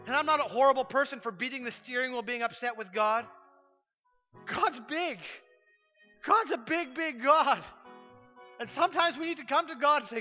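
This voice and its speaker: A man preaching a sermon as pastor, passionate and swinging from loud urgency to hushed pleading. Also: very high voice, moderate pace, muffled recording, soft background music. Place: church sanctuary.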